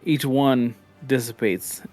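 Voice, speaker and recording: A man's voice: mid-range voice, slow, a little mellow, soft background music. A man narrating a live tabletop game as game master, in a loose, rambling, joking way.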